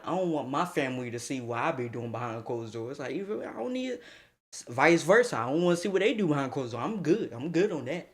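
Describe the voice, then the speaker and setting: A young man streaming a casual storytime, slangy and animated, laughing often as he talks. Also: fairly high pitch.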